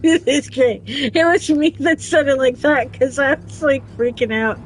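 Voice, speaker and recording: Chatty woman streamer with a higher voice. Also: a little slow, low-quality recording. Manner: chatty, giggly, reads chat messages aloud. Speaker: livestream host. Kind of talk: casual livestream chat.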